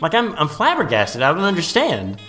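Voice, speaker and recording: A man's voice: on the high side, wildly swooping pitch, a little fast, sharp tone, soft background music. A man co-hosting a podcast in casual chat, hesitant and searching for words with many fillers.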